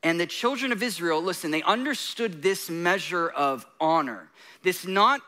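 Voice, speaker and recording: A man's voice: high-pitched, lively intonation, moderate pace, pushed and bright. A man preaching a sermon, mixing laughing, self-deprecating jokes with intense points. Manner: laughing often while talking. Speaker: guest preacher.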